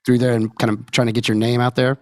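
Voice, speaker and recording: Male podcast host, casual and chatty, mid-pitched, dry room. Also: flat delivery, quick pace, a little mellow, no room sound. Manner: chatty questions with loose restarts. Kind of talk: casual interview chat.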